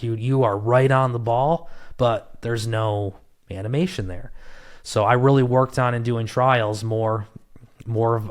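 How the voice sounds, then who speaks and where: A man, a trial lawyer, talking in a relaxed, self-deprecating way on a casual podcast. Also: medium pitch.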